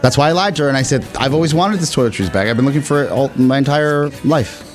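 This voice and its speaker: A man's voice: mid-range voice, lively intonation, fast, soft background music. A man telling a funny story about himself in casual podcast chat. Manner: storytelling, self-mocking. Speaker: regular co-host.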